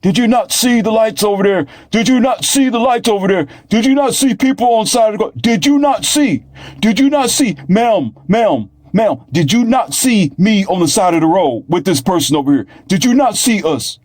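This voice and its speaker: A man voicing an angry male police officer who shouts and repeats the same questions. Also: high-pitched, lively intonation, normal speed, dry recording, voice pushed up. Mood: furious.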